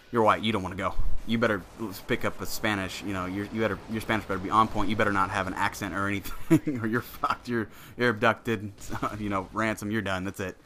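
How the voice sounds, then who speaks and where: A man's voice: on the low side, fairly even intonation, fast talker, bright, forceful tone, slight background noise. A man in his twenties hosting a show, telling a story in a casual, rambling way, swearing freely and laughing often. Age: 20s. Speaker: show host.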